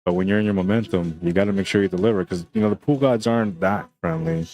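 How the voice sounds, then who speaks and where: Laid-back man with a deep voice. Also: animated, fast talker, vocal fry, darkish tone. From Canada. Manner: laid-back, chatty, often ends lines with "man". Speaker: pool commentator and stream host. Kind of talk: live play-by-play commentary.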